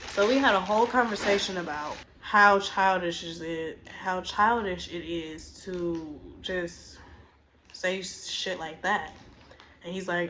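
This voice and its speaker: A woman's voice: lowish voice, animated, moderate pace, a bit bright, slight background noise, rough recording. A young woman telling a storytime tale in a blunt, exasperated, profane way. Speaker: storytime vlogger. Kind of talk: casual storytime rant.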